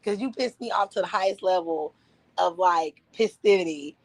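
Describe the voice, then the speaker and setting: A woman telling a family story on a livestream, profane and animated, laughing often. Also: fairly low pitch, moderate pace, no echo, low-quality recording. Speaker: streamer. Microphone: streaming microphone.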